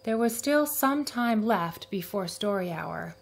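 Slow, gentle woman reading a storybook. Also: mid-range voice, expressive, vocal fry, breathy edge. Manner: slow, gentle read-aloud with acted character voices. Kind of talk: reading a picture book aloud to children.

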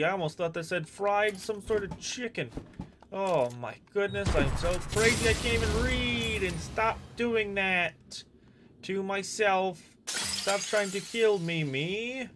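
A man streaming a horror game, jumpy and excitable, swearing and shouting at the game. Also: sits high, takes it slowly, noisy background. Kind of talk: gameplay commentary.

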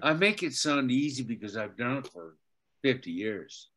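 Older man telling animated, lively anecdotes. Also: mid-range voice, normal speed. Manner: animated anecdotes, acts out quotes. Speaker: voice actor and teacher, guest. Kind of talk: casual interview storytelling.

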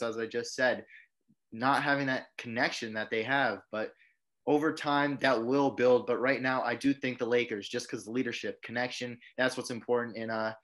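A man's voice: mid-range voice, a bit bright. A man with a mid-range voice co-hosts a casual sports podcast. He builds his case step by step, reasoning through one point after another. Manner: lays out his argument point by point.

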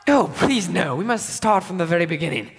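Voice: mid-range voice, animated, vocal fry, husky. A performer playing an impatient male phonetics professor in a school stage musical, lecturing and drilling a pupil. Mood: lecturing, exasperated. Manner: brisk, exasperated, lecturing. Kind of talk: live stage musical acting.

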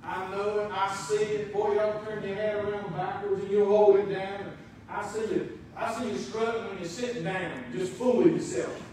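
A man preaches in a big echoing church, his high voice carrying from a distance. He drives points home, rising loud, then dropping almost to a hush. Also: fairly even intonation, normal speed, a little hiss or hum. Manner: emphatic preaching, swings between loud and soft. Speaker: pastor. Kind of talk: sermon. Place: church sanctuary. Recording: very echoey, from a distance.

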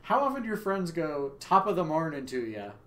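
A young man livestreaming a game, chatting casually with viewers, loud and joking with free swearing. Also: on the high side, very animated, fairly quick. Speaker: livestream gamer. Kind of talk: casual stream chat. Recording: echoey room, faint ambience.

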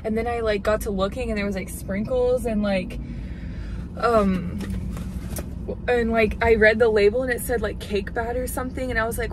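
A woman's voice: fairly high pitch, steady tone, moderate pace. A woman, chatting casually and rambling to her viewers as a vlogger. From Texas. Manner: rambling, chatty, heavy use of "like". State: groggy morning voice. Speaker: vlogger, restaurant server. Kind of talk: casual vlog chat. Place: inside her car. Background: car and road noise.

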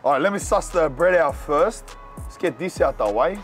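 A young man with a Sydney accent reviewing burgers in a casual vlog, talking in loud slangy banter. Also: normal speed, soft background music. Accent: Australian, Sydney. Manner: loud slangy banter, animated swings in pitch. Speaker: food reviewer and vlogger. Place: outdoors and in burger shops around the city.

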